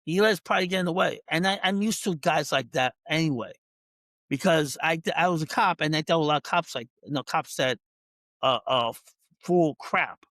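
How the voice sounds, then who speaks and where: A man's voice: a little high, normal speed, fairly bright tone, no room sound. A man who works as a dog trainer, a podcast guest telling a story in casual talk, full of restarts, who acts out other people's lines. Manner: frequent restarts and repeated words.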